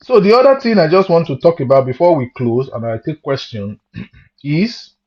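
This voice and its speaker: Male music teacher, slightly raised pitch, patient and repetitive, muffled lo-fi recording. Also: lively intonation, normal speed. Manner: patient, repeats phrases, asks students questions. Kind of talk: online music theory lesson. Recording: dull lo-fi sound.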